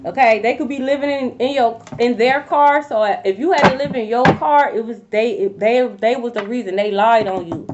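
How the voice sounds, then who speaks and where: A woman's voice: on the high side, moderate pace, few pauses, lo-fi sound, background noise. A woman doing a casual tarot reading to camera, blunt and profane, full of slang and repeated phrases. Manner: blunt, profane, animated slang-heavy delivery. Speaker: tarot reader.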